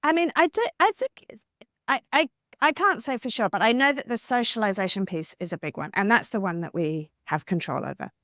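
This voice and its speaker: A woman author being interviewed on a podcast, talking in an animated, talkative way with lots of "like" and "you know.". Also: on the high side, a little fast, no echo, clean studio sound. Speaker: author guest.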